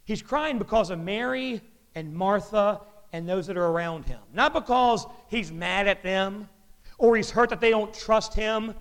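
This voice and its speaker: A man preaching a sermon in a chatty, joking way, his pitch jumping up when he gets animated, in an echoey church hall. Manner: conversational and joking, with lively pitch jumps. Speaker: pastor.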